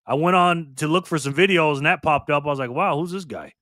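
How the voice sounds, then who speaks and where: A man's voice: on the high side, fast talker, fairly bright tone, no echo, clean studio sound. A man hosting a casual live stream, chatting loosely with viewers and laughing easily. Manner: laid-back, chatty, laughs often, greets viewers.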